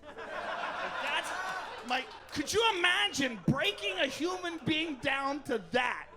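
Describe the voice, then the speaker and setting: High-voiced man telling a crude stand-up story. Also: measured pace, vocal fry, over loud music. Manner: crude, animated, acts out characters mid-story. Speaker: stand-up comedian.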